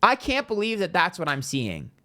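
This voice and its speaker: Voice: mid-range voice, wildly swooping pitch, normal speed, pushed and bright. A tarot reader ranting in a casual vlog, blunt and heated, swearing freely and talking straight to viewers.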